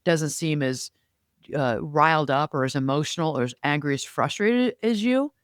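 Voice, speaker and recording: A woman's voice: deep voice, moderate pace, no room sound, studio quality. A woman co-hosting a podcast, giving frank relationship advice in casual conversation and acting out what to say. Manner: animated, acts out quoted lines. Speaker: podcast co-host.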